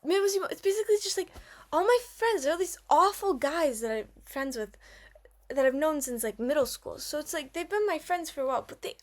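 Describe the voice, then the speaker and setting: A young woman ranting animatedly in a casual vlog from her dark bedroom, full of "like" fillers and exaggeration. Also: high voice, lively intonation, a little fast. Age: young adult. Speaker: vlogger. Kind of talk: casual rant to camera. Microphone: built-in camera mic.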